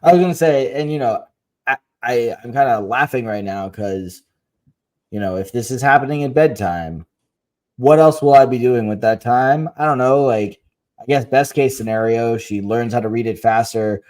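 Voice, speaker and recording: A man's voice: mid-range voice, normal speed, a little mellow. A man co-hosting a parenting podcast, telling stories in a wry, self-deprecating way and laughing at himself. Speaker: podcast co-host. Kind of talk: casual parenting chat.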